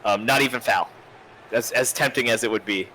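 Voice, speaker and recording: A man's voice: mid-range voice, brisk, sharp tone, rough recording. Easygoing guy doing casual game commentary, laughs a lot, faint hiss under it. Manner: laid-back, chuckling, cautious.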